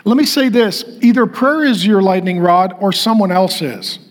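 Pastor, middle-aged man, high voice, blunt and chatty sermon to a room of men. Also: animated, moderate pace. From North Dakota, US. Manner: direct, conversational, asks the crowd to raise hands.

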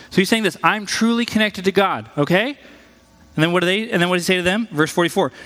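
Animated man preaching in a reverberant hall. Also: quick pace. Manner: conversational, animated, jumps in pitch for quoted voices. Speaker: pastor. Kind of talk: sermon.

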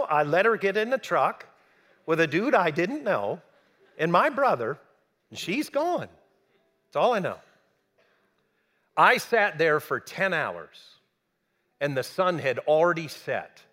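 A man telling a personal story to an audience, animated and acting out the people he quotes. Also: on the high side. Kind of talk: storytelling talk.

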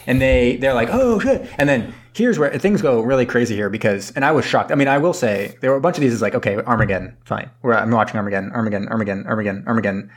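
A man's voice: medium pitch, very fast, hardly any pauses. Rambling man recapping a movie. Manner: rambling, acts out characters' lines, swears casually. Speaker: podcast co-host. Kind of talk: casual movie recap chat.

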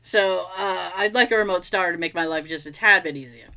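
A woman speaking on the low side at a brisk clip recounts an everyday tale in relaxed chat. She plays both parties in the dialogue, telling it with animation and free swearing.

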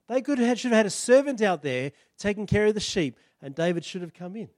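A man preaching a sermon, retelling a story with animated delivery and acting out the characters. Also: sits high, fairly quick, hardly any pauses, no room sound, clean studio sound.

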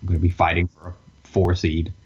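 A man with a husky, somewhat low voice talks sports with a friend in a dry, deadpan way. The recording is dull and lo-fi. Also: a little fast. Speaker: podcast co-host. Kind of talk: casual sports chat.

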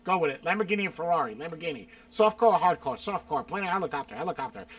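A man from South Carolina reads viewer questions aloud in a casual stream chat and fires back blunt one-word answers full of swearing and exasperated outbursts. His voice is fairly high and a bit bright, expressive and rapid-fire.

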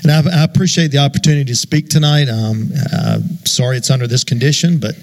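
A man's voice: medium pitch, fast talker. A man preaching a church sermon in a folksy, loose way, with fillers and amens. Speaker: guest preacher. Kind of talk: sermon with a told joke. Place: church sanctuary.

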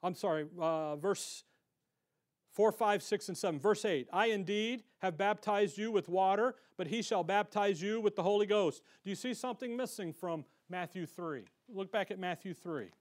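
High-voiced energetic male Bible teacher. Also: normal speed. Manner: energetic, punchy rhetorical questions, reads scripture aloud. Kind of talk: verse-by-verse Bible lesson.

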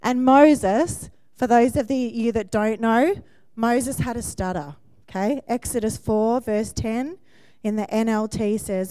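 This woman in her forties gives a warm, chatty sermon, laughing and frequently checking with her listeners with a "yeah?" Her voice sits on the high side and is unhurried, with no room sound.

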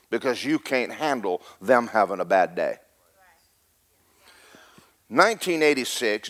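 A middle-aged man preaching a sermon as pastor, rising to a loud rhythmic peak and slipping in joking asides to the congregation. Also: fairly low pitch.

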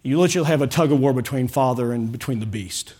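A man preaches in church with a middle-pitched voice, speaking to the congregation in front of him. He is fervent and rises to loud, pleading calls at the high points of the sermon. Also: quick pace, breathy edge. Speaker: pastor.

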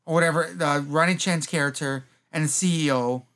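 Male co-host, slightly high voice, excitable, profane movie chat. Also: fairly quick. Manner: excitable, swears freely, retells scenes. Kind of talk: casual movie discussion.

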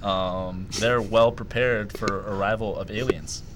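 Low-voiced young man hosting a podcast. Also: fairly even intonation, unhurried, noisy background. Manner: runs the segments, laughs often. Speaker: podcast host. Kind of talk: casual chat.

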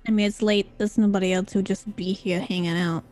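A woman's voice: medium pitch, fairly even intonation, brisk, darkish tone, faint music behind. A woman playing a tabletop game, talking in a chatty, rambling way. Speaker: player. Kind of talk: tabletop role-play chat.

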